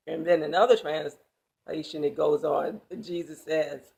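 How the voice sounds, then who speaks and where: A woman teaching a Bible passage in sermon style, speaking slowly with a gravelly edge. She is emphatic and breaks into casual, colloquial asides. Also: low voice, flat delivery, a little mellow.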